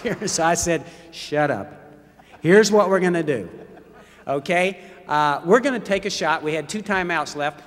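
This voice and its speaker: A middle-aged man from the United States giving a football coach's testimony to a live audience, folksy, self-mocking and animated. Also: a little high. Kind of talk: storytelling speech to a live audience. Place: large hall. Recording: long hall reverb.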